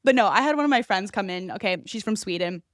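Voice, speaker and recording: A young woman from California, hosting a podcast, ranting in animated casual chat and swearing freely. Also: medium pitch, quick pace, dry recording, clean studio sound. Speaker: podcast host.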